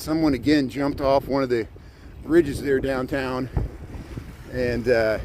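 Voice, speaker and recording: A man's voice: fairly high pitch, rough recording. A man, chatting casually as he livestreams a bike tour along a city lakefront and points out the sights as he rides. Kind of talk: casual live tour commentary. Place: outdoors by a city lakefront harbor, riding a bike. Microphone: camera mounted on a bike. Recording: outdoor wind and traffic noise. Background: wind noise from riding.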